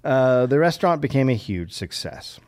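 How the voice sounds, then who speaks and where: A man co-hosting a podcast, telling a history story in a casual, deadpan way and understating absurd details. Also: medium pitch, moderate pace.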